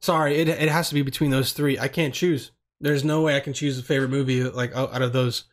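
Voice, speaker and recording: Talking quickly in a medium-pitched, fairly even voice, a young vlogger rambles through viewer questions. His monologue is laid-back and profane, and he often trails off and starts again.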